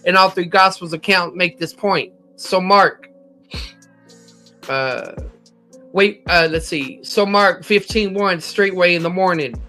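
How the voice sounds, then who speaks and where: Casting: American male Bible teacher, high and bright voice, methodical, faint music underneath. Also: slow pace. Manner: methodical, cites chapter and verse, occasional slips. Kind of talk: scripture lesson.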